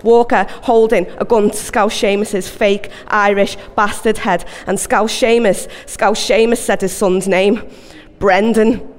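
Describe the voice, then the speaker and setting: A woman's voice: mid-range voice, fairly even intonation, a little slow. A woman performing spoken word live, a rambling, anxious, repetitive monologue. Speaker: poet. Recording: long hall reverb.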